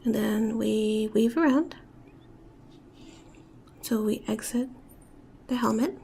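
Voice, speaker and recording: A woman walks through a beadwork stitch step by step, speaking softly and slipping into near-whispers as she works. Her voice sits a little high but sounds mellow and dark, with a gravelly fry. Faint room noise hums underneath. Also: takes it slowly. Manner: soft-spoken, often drops to a whisper while working. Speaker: beading tutorial instructor. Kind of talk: step-by-step craft tutorial.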